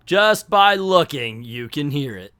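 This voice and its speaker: A man's voice: on the high side, big pitch swings, unhurried, sharp tone, smooth, dry recording, clean studio sound. A man casually recapping a comic book, joking and slangy as he acts out the quotes. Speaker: comic book video host.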